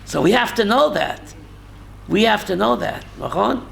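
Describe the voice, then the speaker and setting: High-voiced rabbi with a gravelly edge. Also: male voice, expressive, moderate pace, fairly bright tone, slight background noise. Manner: quizzes listeners and calls on them by name; emotional storytelling, mixes in Yiddish and Hebrew words. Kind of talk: teaching a Torah class.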